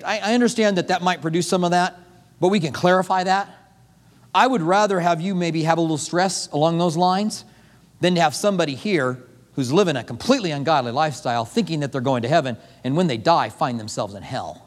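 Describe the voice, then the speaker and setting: A man's voice: sits high, fairly quick. A man preaching a sermon as pastor, acting out little dialogues as he goes. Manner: animated preaching with acted-out dialogue. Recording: long hall reverb.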